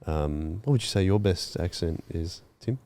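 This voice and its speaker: Deep-voiced easygoing man. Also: expressive, normal speed, a little mellow. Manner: easygoing, encouraging, laughs along. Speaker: podcast host. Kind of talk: casual interview.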